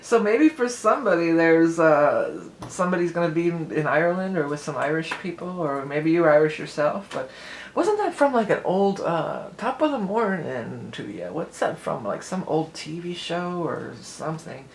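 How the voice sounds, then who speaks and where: A woman's voice: deep voice, lively intonation, normal speed. Rambly woman doing a tarot reading, laughs a lot, roomy echo. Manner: chatty, rambling, laughs often. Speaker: tarot reader. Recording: echoey room, faint background noise.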